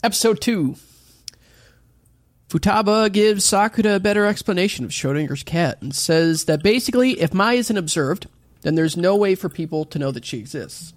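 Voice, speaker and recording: A man's voice: sits high, normal speed. A man co-hosting a casual anime chat who recaps episodes in a laid-back, agreeable way. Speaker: podcast co-host recapping episodes.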